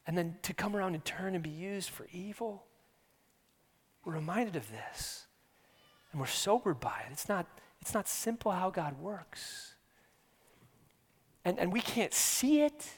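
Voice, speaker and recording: A man preaching an earnest sermon, repeating his words and shifting between hushed near-whispers and loud emphasis. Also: high voice, lively intonation, a little slow, long pauses. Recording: long hall reverb.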